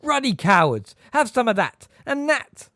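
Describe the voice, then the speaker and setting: A man's voice: very high voice, very animated, a little slow, bright, forceful tone, dry recording, clean studio sound, voice pushed up, full character voice. A man voicing a huge, enraged male half-giant who roars and bellows in an audiobook. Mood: furious. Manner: roaring, bellowing.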